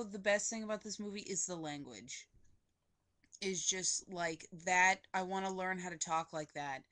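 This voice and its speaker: A woman's voice: medium pitch, fairly bright tone. A young woman vlogging a casual movie review from home on a webcam, gushing and rambling with lots of "like". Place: indoors at home, poorly lit.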